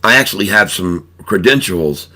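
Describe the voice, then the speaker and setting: A man voicing a smooth-talking big male frog who insists on getting a bank loan, in a told joke. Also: sits low, lively intonation, normal speed, bright, forceful tone, exaggerated voice. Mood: insistent. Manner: persuasive, insistent.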